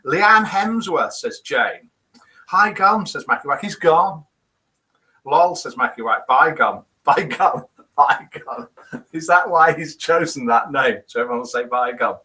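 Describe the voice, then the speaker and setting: A middle-aged man from the United Kingdom hosts a casual live morning broadcast, reading viewer comments aloud with playful, chuckling banter. His voice sits fairly high and swings widely in pitch. The tone is bright and forward. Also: unhurried, poor audio. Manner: lively, chuckling, playful quiz-master banter. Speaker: host of a daily live show.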